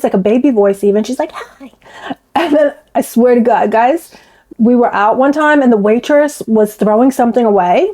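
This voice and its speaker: A woman's voice: on the high side, dark tone, low-quality recording. A woman chatting to her viewers in a gossipy, talkative way. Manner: chatty, gossipy, addresses viewers as you guys. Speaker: commentary vlogger. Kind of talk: casual chat to viewers.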